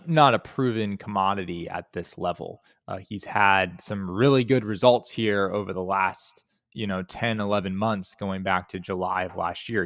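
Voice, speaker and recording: A man guests on a sports podcast with a fairly low voice. He works through his points in a measured, analytical way, filling the gaps with "uh." The recording is dry and close. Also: fairly bright tone, no echo. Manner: measured, analytical, many filler "uh"s.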